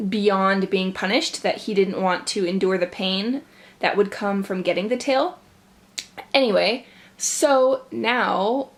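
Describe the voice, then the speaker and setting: Chatty young woman vlogging about a book. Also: mid-range voice. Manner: chatty, gushing, peppered with "like" and casual swearing. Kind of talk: casual chat.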